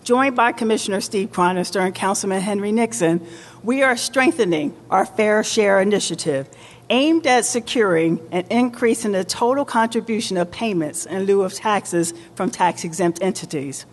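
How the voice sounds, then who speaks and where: A woman mayor giving a formal public address with deliberate, emphatic oratory in a large indoor market hall. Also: medium pitch. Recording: long reverb of a large hall.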